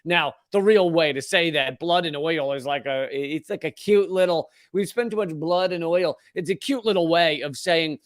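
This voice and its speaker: Sarcastic guy ranting and cussing, kinda high voice, dry close sound. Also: moderate pace, hardly any pauses, a bit bright, no room sound. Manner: profane, sarcastic, mocking. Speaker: comedian host. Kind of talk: ranting political commentary.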